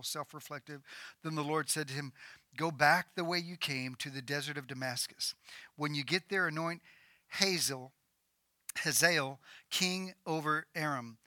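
Bright-voiced male pastor preaching. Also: fairly high pitch, no echo, clean studio sound. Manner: dramatic, acts out quoted voices, rising to near shouts. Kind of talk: sermon.

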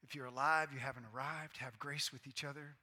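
A pastor in his forties preaching a sermon to his congregation, earnest and bursting into loud, excited outbursts. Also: mid-range voice, fairly quick. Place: church sanctuary. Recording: long reverb of a large hall.

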